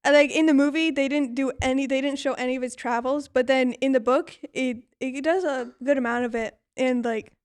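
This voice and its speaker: High-voiced young woman, chatty co-host. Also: a little fast, few pauses, clear, resonant tone. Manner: animated, laughs often, retells scenes with quoted voices. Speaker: podcast co-host. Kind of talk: casual chat.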